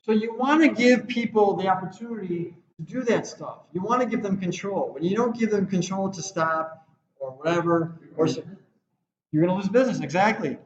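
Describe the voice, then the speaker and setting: His voice is high and expressive, moving at a normal speed as he gives a classroom lecture on web design. He wanders conversationally and often performs the lines he quotes, captured in a roomy, slightly dull classroom recording.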